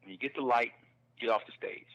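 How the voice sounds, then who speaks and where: A man telling a comedy-club story in a casual chat, animated and acting out the people he quotes. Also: medium pitch, brisk, muffled recording. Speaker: guest comedian.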